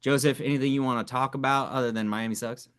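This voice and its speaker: A man's voice: mid-range voice, fairly even intonation, quick pace, fairly bright tone, smooth. A man co-hosting a sports podcast, talking in a laid-back, casual way with frequent swearing and laughter. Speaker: podcast co-host.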